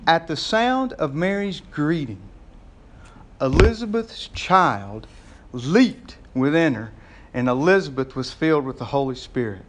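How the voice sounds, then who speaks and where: A man's voice: on the high side, big pitch swings, unhurried, a little hiss or hum. A male pastor preaching a sermon in a folksy, conversational way and joking with his congregation.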